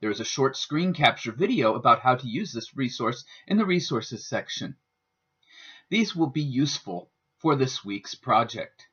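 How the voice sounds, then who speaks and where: A man giving a scripted instructional narration as a student presenter, with a careful, deliberate teaching delivery. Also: medium pitch, sing-song, a bit bright, slightly rough. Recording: dull lo-fi voice-over.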